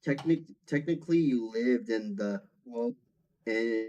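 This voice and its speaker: A man teases his friends on a casual livestream in a mellow, relaxed voice. His jokes come easy and unhurried. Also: mid-range voice, lo-fi sound. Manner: joking, teasing. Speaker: stream co-host.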